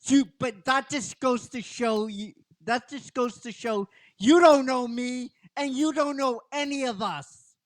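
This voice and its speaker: A man voicing a defiant teenage girl hero who cries as she shouts her defiance up at the sky. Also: very high voice, measured pace, voice pushed up. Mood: tearful defiance. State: crying.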